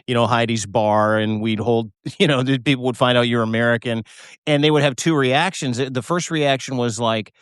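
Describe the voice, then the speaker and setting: A man's voice: mid-range voice, steady tone, moderate pace, clean tone, no room sound, studio quality. A man from Canada hosting a live video chat, asking long, winding questions full of "you know". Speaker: host. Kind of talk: casual interview chat.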